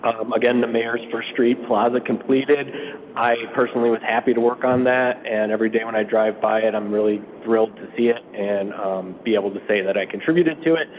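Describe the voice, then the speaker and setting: Hoarse man briefing a city council. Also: steady tone, a little fast, hardly any pauses. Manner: informal, many fillers. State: raspy from allergies. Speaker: public works official presenting to city council. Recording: phone-like, muffled sound with faint rumble.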